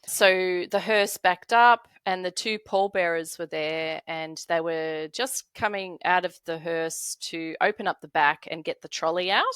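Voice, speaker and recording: A middle-aged Australian woman with a lowish, slightly bright voice tells a story as a podcast guest. Animated, she laughs often and acts out the voices of the people involved. The recording is dry.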